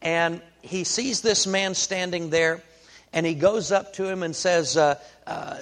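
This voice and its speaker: A man preaching a sermon, telling a folksy story in an unhurried way with many fillers. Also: high voice, fairly bright tone.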